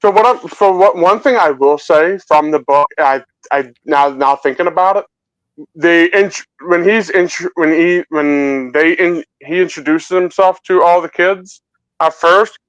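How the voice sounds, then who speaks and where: High-voiced excitable male podcast co-host. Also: unhurried, no room sound, highs cut off. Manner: excitable, stumbles and repeats words. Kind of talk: casual film discussion.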